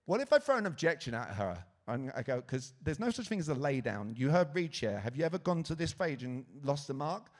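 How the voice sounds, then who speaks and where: A man's voice: fairly high pitch, brisk, few pauses. A man giving a live sales talk at a conference, asking the audience questions and acting out quotes. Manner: lively, asks the audience questions, acts out quotes. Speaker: conference speaker. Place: conference hall stage.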